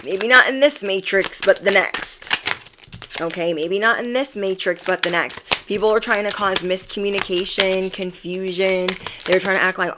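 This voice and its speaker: A woman's voice: mid-range voice, normal speed, very noisy. A woman giving an emphatic pick-a-card tarot reading, repeating affirmations. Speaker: tarot reader.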